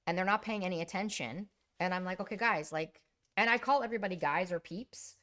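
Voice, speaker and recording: A woman co-hosting a casual chat, telling lively stories about coaching and acting out her own yelling. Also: fairly low pitch, brisk. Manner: animated storyteller, acts out her own yelling. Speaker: podcast co-host.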